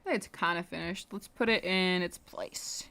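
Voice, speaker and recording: A woman's voice: fairly low pitch, normal speed, sharp tone. A young woman livestreaming her animation work, chatting casually, rambling and muttering to herself as she draws. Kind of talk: casual chat while drawing on stream.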